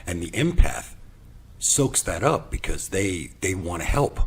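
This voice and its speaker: A man hosting his own show, telling a personal story in an animated way and acting out the dialogue. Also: low voice, a little slow, gravelly, husky. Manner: animated, acts out quoted dialogue. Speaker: podcast host.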